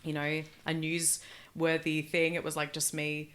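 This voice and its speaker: A woman's voice: low voice, completely flat delivery, measured pace, fairly bright tone. A young Australian woman, a comedian guest on a podcast, chatting casually and animatedly, full of "like" and acting out her own quotes. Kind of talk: casual chat.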